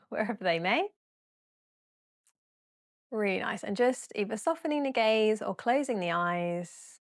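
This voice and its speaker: A woman's voice: medium pitch, gravelly, no echo. Young female yoga teacher, casual and giggly, dry close-miked voice. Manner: chatty, giggly, apologetic, yawning. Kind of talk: casual guided yoga class.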